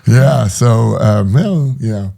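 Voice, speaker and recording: A man's voice: medium pitch, creaky, darkish tone, husky. A middle-aged man telling his story in an interview, hesitant, with many fillers and restarts. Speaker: guest.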